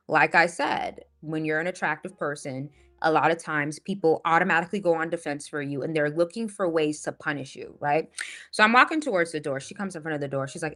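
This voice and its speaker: A woman's voice: low-pitched, a little fast, sharp tone. A woman who works as a spiritual life coach tells a story in a casual monologue, assertive and emphatic, often asking "right?".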